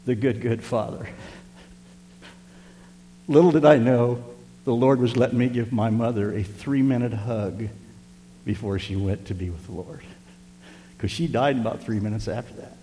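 A man's voice: medium pitch, moderate pace, long pauses, dark tone, a little hiss or hum. An older man preaching a sermon as pastor, telling a personal story in an earnest, tender way to his congregation. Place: church sanctuary. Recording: long hall reverb.

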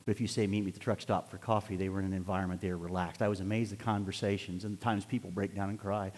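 A man's voice: low-pitched, little pitch movement, very fast. Older male preacher; heartfelt sermon delivery with big swings in intensity, echoing church hall. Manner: impassioned preaching, rising to near-shouts then dropping to quiet storytelling. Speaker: pastor. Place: church sanctuary. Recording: long hall reverb.

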